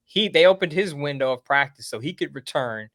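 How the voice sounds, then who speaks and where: A man's voice: fairly high pitch, animated, a little fast, fairly bright tone, no room sound, clean studio sound. A man appearing as a sports writer guest, talking casually and laying out his points in methodical lists. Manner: methodical, lays out lists of teams and plans.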